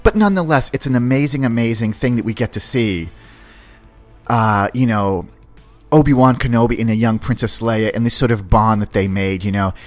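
A man hosting a podcast, giving an excited, slangy, rambling review of a series. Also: mid-range voice, normal speed, faint music behind. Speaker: podcast host. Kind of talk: casual film review.

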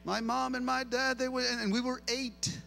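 A middle-aged male pastor preaching an animated sermon, switching between two languages and repeating phrases for emphasis. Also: very high voice, moderate pace, gravelly, soft background music. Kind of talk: bilingual sermon.

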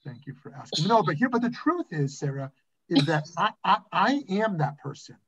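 Man, rabbi, husky voice, lively conversational teaching, muffled video call audio. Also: on the high side, normal speed. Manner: animated, repeats "right?" and restarts often. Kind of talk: conversational online lesson with anecdotes.

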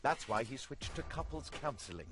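A man's voice: mid-range voice, big pitch swings, moderate pace, over music, natural voice. A man voicing a ragged male street beggar who pleads in a theatrical way and makes dry, witty remarks. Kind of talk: video game voice acting.

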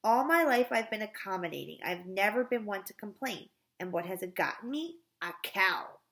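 A woman's voice: mid-range voice, animated, moderate pace, a bit bright. A woman reading aloud, voicing a fed-up schoolteacher who sounds aggrieved and indignant, in a somewhat raised voice.

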